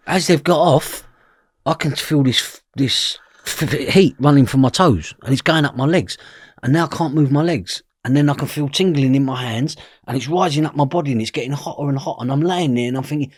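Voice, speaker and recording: Middle-aged guy on a podcast, husky, dead dry sound, swears a lot, keeps going "know what i mean". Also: mid-range voice, a little fast, no room sound. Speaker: podcast guest. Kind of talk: intense first-person storytelling.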